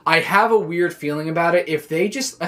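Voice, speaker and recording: A man recapping a wrestling show in a casual, excitable, rambling way, full of "like" and restarts. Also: fairly high pitch, a little fast. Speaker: wrestling reaction vlogger.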